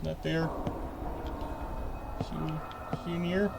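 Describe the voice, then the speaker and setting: A man's voice: fairly high pitch, fairly even intonation, slow, creaky, very noisy. A man playing a horror game and talking through it, jittery and repeating nervous phrases while he speaks to the ghost. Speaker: horror game let's player. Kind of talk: horror game playthrough commentary. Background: loud game music.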